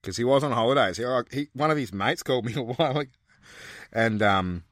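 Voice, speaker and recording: A man's voice: medium pitch, expressive, fairly quick, fairly bright tone, no echo. A man, co-hosting a casual podcast chat, joking crudely and swearing freely. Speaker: podcast co-host.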